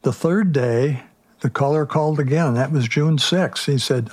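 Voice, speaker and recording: A man, a prosecutor, recounting the facts of a case in a measured, factual way. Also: medium pitch, darkish tone, dry recording. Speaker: prosecutor guest. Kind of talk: casual retelling of a case.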